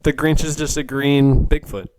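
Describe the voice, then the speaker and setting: A man's voice: mid-range voice, little pitch movement, normal speed, a little mellow, a little hiss or hum, low-quality recording. A man co-hosting a podcast in casual chat, goofy and giggly, joking about silly impressions. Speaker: podcast co-host.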